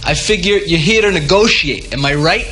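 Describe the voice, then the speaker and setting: An actor playing a cocky, fast-talking corporate negotiator with slick salesman patter. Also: on the high side, pushed and bright, slight background noise. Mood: smug. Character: smug fast-talking male corporate deal-maker.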